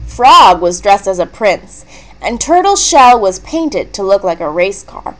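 Expressive woman reading a picture book. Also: medium pitch, measured pace, poor audio. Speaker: storybook reader.

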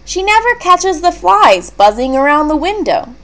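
A woman voicing an earnest young boy in a storybook read-aloud, with a raised childlike pitch. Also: very animated, normal speed, a bit bright, exaggerated voice. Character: earnest young boy worried about his plant.

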